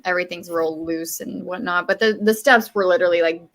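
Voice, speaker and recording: A young adult woman chatting casually on a stream, telling stories in an animated way. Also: lowish voice, a little fast. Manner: animated, acts out voices in her anecdotes. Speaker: stream participant. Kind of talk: casual storytelling chat.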